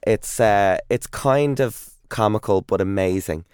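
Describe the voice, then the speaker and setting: A man's voice: on the low side, a little slow, darkish tone, clean tone, no echo, studio quality. A man with an Irish accent in his thirties, chatting enthusiastically as an interview guest, telling stories with many fillers and restarts. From Ireland. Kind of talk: casual interview chat.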